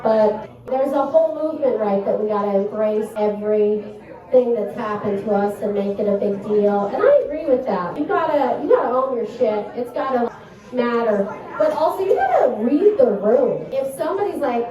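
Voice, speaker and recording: A woman delivers a rambling, self-deprecating stand-up set in a slightly high voice. She sounds far from the microphone, and the small club around her rings with a heavy echo. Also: lively intonation, moderate pace, mellow. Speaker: comedian. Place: small comedy club stage. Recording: echoey club heard from a distance.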